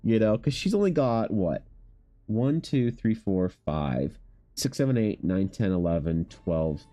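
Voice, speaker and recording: A man's voice: lowish voice, sing-song, a little slow, dark tone, dry recording. A man artist chatting casually on a livestream, rambling and joking self-deprecatingly with his viewers. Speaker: artist streaming commissions.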